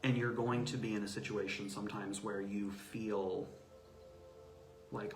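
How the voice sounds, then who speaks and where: A man speaking as an interview guest about self-advocacy, telling stories with lively acted-out quotes. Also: fairly low pitch, unhurried, soft background music. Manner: animated storyteller acting out quoted voices. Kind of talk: casual interview talk. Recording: roomy echo.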